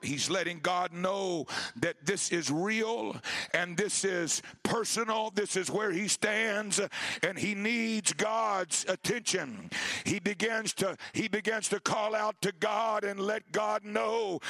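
A man preaching a Pentecostal sermon, moving from quiet, halting talk to shouted, impassioned calls. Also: sits high, steady tone, vocal fry. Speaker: pastor.

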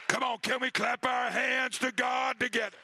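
A man preaching a Pentecostal sermon, moving from quiet, halting talk to shouted, impassioned calls. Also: very high voice, flat delivery, crowd noise, background noise. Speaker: pastor.

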